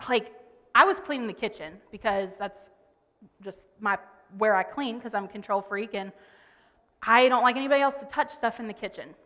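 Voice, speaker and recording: In a sermon delivered from a church auditorium stage, a woman tells a story from home in a loose, conversational manner. Her bright, slightly high voice carries a long reverb tail from the large room.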